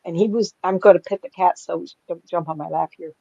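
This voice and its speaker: Older woman, chatty storyteller with a lowish voice, laughs a lot, dry lo-fi home recording. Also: fairly even intonation, fairly quick, vocal fry, warm tone, no room sound. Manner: chatty, laughs often, acts out quoted voices. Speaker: psychic medium guest. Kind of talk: casual storytelling.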